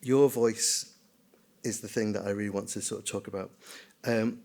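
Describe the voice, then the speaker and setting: A man's voice: on the low side, steady tone, normal speed, gravelly, a little mellow. An older man, a screenwriter and children's writer, giving an anecdotal, self-deprecating conference talk and mimicking voices. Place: conference hall.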